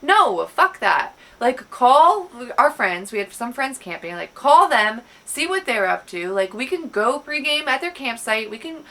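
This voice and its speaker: Young woman, bright and high-pitched, chatty storyteller who swears a lot and acts out quotes. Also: normal speed, few pauses. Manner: animated, profane, acts out quotes. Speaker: vlogger. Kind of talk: storytime vlog.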